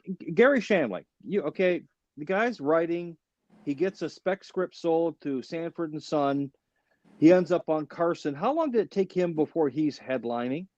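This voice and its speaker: A man's voice: fairly high pitch, darkish tone, no room sound, dull audio. A man, a stand-up comedian, chatting casually with friends, laughing often and chiming in with short replies. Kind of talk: casual chat.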